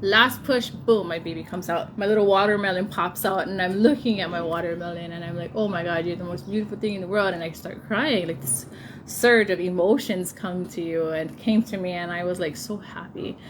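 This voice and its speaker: A woman in her thirties casually telling a personal story, laughing often and getting animated when she quotes people. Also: lowish voice, brisk, a little hiss or hum. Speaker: vlogger telling a birth story.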